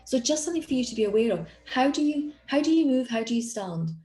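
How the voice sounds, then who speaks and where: Woman coach chatting through a confidence session, warm mellow tone, bit of room echo. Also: fairly high pitch, animated, quick pace, faint music behind. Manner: encouraging, conversational with frequent restarts. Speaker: executive coach. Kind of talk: online coaching talk.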